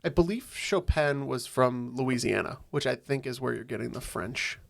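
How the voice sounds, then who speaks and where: A man competing on a trivia podcast, reasoning aloud in a measured way. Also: mid-range voice, vocal fry. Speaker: quiz contestant. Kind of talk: casual game show chat.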